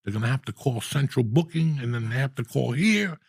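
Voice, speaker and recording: A man in his sixties telling a story in casual, profane, animated style, with loud outbursts. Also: mid-range voice, fairly quick, gravelly, slightly rough, dry recording, studio quality. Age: 60s. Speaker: podcast host.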